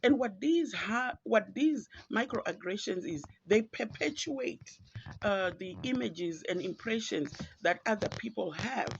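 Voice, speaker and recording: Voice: medium pitch, animated, measured pace, gravelly, a little hiss or hum. A podcast host from Zimbabwe, with a Zimbabwean accent, giving earnest, reflective and pointed solo commentary. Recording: dull lo-fi, dry.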